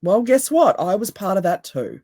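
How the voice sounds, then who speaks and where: A woman with a deep voice, a hypnotherapist and coach speaking as a podcast guest with calm, emphatic, repeated phrases. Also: normal speed, husky, dry recording, clean studio sound.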